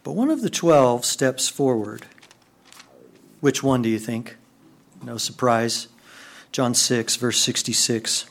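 Animated preacher, hushed to excited. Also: male voice, mid-range voice, slow, vocal fry, long pauses. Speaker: pastor. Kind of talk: sermon.

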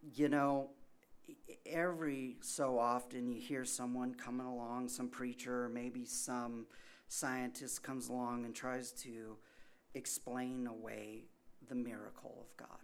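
A man preaching a sermon in a conversational way, asking rhetorical questions and swinging between soft asides and loud emphasis. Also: medium pitch, level tone, takes it slowly. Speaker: pastor.

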